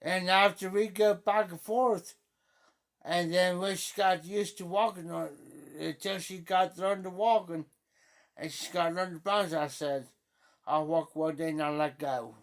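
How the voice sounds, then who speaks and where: A middle-aged livestream host telling a story in a casual way, repeating phrases and acting out quoted speech loudly. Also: mid-range voice, fairly even intonation, measured pace.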